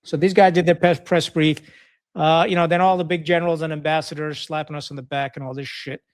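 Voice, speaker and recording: A man's voice: on the high side, flat delivery, brisk. A middle-aged man from Pakistan, a retired Marine officer, telling war stories as a podcast guest in a blunt, profane, casual way and acting out quoted dialogue.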